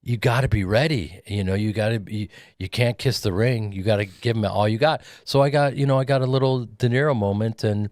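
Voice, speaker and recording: A man's voice: on the low side, a little fast, few pauses, a little mellow, no room sound. A middle-aged man, a guest actor and comedian, telling casual anecdotes with acted-out quotes on a studio mic. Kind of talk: casual storytelling.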